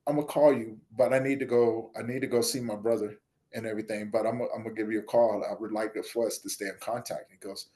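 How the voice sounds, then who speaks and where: On an interview podcast, a man who founded a nonprofit walks through a story from his life, acting out the dialogue with shifts in voice. Quoting others, he goes soft and low; elsewhere he raises his voice and turns loud and spirited.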